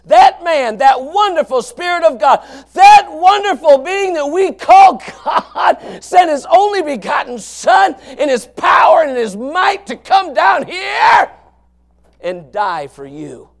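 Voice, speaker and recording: A man preaching a fiery sermon, swinging from low murmurs to shouted passages in a folksy, emphatic way. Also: sing-song, slow, creaky. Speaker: pastor.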